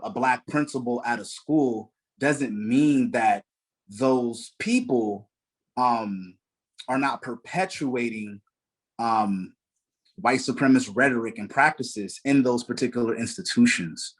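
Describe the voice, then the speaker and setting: A man speaking earnestly and with passion as a panelist in an online discussion, with frequent fillers and short laughs, heard over a video call. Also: mid-range voice.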